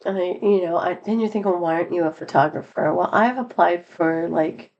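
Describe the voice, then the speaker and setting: Chatty, low-voiced middle-aged woman. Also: fairly quick, lo-fi sound. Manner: rambling, chatty, laughs often; lively quoted voices. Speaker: vlogger. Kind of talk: casual storytelling.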